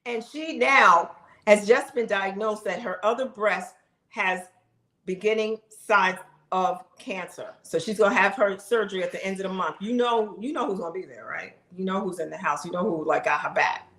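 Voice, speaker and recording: A woman's voice: medium pitch, moderate pace, sharp tone. A woman in her fifties, a vlogger talking straight to her viewers in a casual, heartfelt, emphatic way. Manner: emphatic, chatty, talks straight to the audience. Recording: roomy echo.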